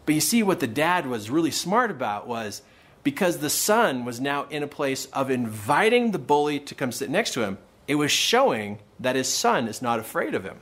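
A man's voice: medium pitch, normal speed. A man hosting a podcast, giving motivational advice on dealing with bullies and acting out the people in his stories. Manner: animated storyteller acting out quoted voices. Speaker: podcast host and coach. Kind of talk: motivational talk. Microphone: podcast microphone.

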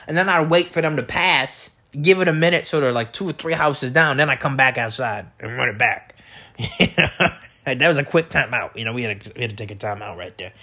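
A man's voice: on the high side, pushed and bright, slightly rough. A man hosting a podcast, telling rambling, profane stories about his neighbors in a casual, meandering way with lots of fillers and restarts. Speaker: podcast host.

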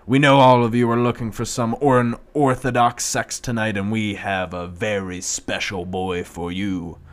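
A man voicing a crude, scheming male captor, higher and louder than his own voice. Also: little pitch movement, normal speed, close to an everyday voice. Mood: smarmy.

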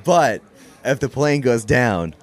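A man's voice: medium pitch, expressive, slow. A man co-hosting a podcast in casual chat, laid-back, with dry jokes. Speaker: podcast co-host.

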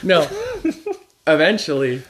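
A man's voice: fairly high pitch, slow pace, fairly bright tone, a little hiss or hum. A young man co-hosting a podcast, chatting casually with dry, self-deprecating humor. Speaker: podcast co-host. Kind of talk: casual chat.

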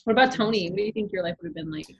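A woman with a breathy, husky voice hosts a relaxed conversation, asking soft and curious questions. The audio is a little dull and muffled. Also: medium pitch, racing. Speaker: podcast host. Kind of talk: casual conversation.

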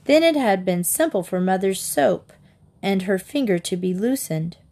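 A woman's voice: medium pitch, expressive, moderate pace, warm tone. Woman reading a children's book aloud. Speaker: storybook reader.

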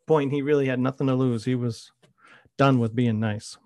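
A man's voice: medium pitch, steady tone, moderate pace, a little mellow, no echo. Man, middle-aged, podcast host, casual anecdotal talk, dry close sound. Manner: conversational, anecdotal storytelling.

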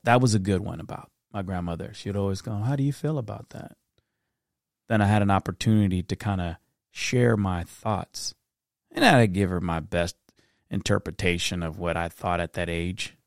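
A middle-aged man hosting a reflective solo podcast, talking earnestly in a storytelling way that turns soft-spoken at times. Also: sits low, moderate pace, creaky, no room sound, studio quality. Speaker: podcast host.

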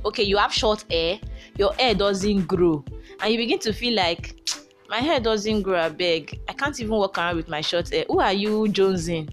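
A young Nigerian woman hosting a Christian podcast, talking emphatically and preaching at times. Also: mid-range voice. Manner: emphatic, preachy, shouting at times with bursts of laughter. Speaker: podcast host. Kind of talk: motivational Christian podcast talk.

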